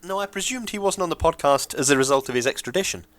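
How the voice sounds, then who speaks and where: A man's voice: on the high side, animated, fast talker, a bit bright. A young man co-hosting a podcast, telling stories with wry, dry humor in casual chat. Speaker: podcast co-host.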